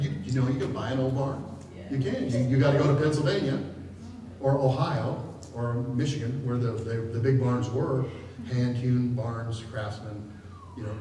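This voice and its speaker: A middle-aged man with a warm, mid-range voice gives a chatty, jokey seminar talk to a live audience in a large room, often laughing as he goes. The recording is distant and echoey, a hall with noise.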